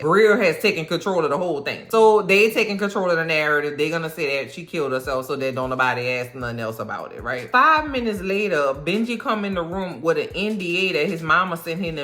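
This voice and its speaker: A woman recapping a TV episode in a sassy, animated way, full of slang and mock outrage. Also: deep voice, normal speed, soft background music. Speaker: TV recap vlogger.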